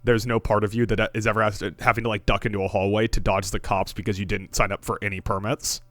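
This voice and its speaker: A man with a bright, forceful, fairly low voice co-hosting a sports podcast. He riffs wryly and swears casually, close to a dry mic with no room sound. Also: level tone, fast, no room sound. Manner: wry, riffing, swears casually. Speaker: podcast co-host.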